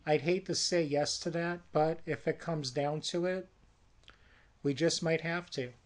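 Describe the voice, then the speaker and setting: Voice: medium pitch, steady tone, measured pace, lightly acted. A storyteller voicing a desperate adult brother who pushes a risky plan, talking in a pushy, persuasive way. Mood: scheming. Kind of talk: casual spoken movie pitch.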